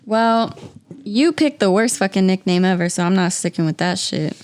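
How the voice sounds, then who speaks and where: A woman's voice: mid-range voice, expressive, moderate pace, a little mellow, clean tone. Young woman, blunt teasing co-host. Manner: blunt, teasing, casual swearing. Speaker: podcast co-host. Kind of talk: casual podcast chat.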